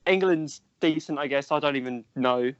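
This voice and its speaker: A young man jokes through a casual podcast chat with self-deprecating banter. His voice sits fairly high. The room sounds dry and the recording is lo-fi. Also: normal speed, smooth, no room sound. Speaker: podcast co-host. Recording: dull lo-fi sound.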